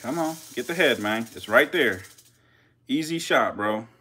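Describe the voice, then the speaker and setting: A man giving casual live-stream commentary as a reptile keeper, chatty with viewers, swearing and getting excited. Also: mid-range voice, measured pace, husky.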